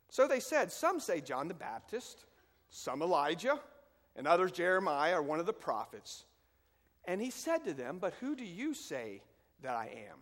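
Emphatic male preacher in a reverberant hall. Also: on the high side. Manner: emphatic preaching that drops to quiet scripture reading. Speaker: pastor. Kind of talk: sermon.

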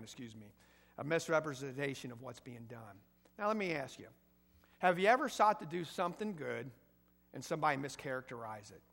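Speaking from the sanctuary of a church, this male pastor delivers a conversational sermon, questioning the congregation and climbing to emphatic high points. His fairly high voice is a bit bright, with vocal fry, and the hall echoes.

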